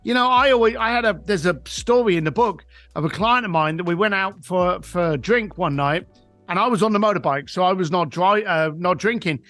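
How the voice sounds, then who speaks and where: A man's voice: high voice, brisk, dry recording, soft background music. A man, a coach and author telling emphatic stories as a podcast guest and acting out the quotes. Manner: animated storyteller, emphatic, acts out quotes. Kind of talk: podcast interview storytelling.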